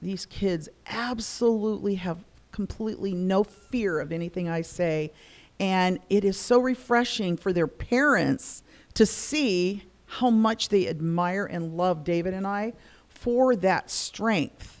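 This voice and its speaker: A woman's voice: mid-range voice, slow pace. Middle-aged woman guest, chatty storyteller who plays out the voices she quotes. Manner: animated, acts out quoted voices. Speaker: guest discussing spirituality. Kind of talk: casual storytelling conversation.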